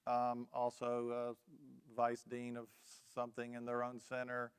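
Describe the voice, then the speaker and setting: A man's voice: mid-range voice, completely flat delivery, measured pace, clean tone. A man on a panel discussion, speaking directly and plainly.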